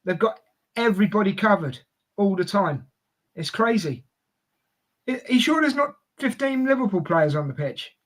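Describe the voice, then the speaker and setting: Co-host, male, London accent, high-ish voice, casual live match banter and reading the chat. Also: animated, normal speed, pauses often. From Scotland. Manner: chatty, reads out viewer messages. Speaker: co-host of a football watchalong. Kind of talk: live football watchalong chat.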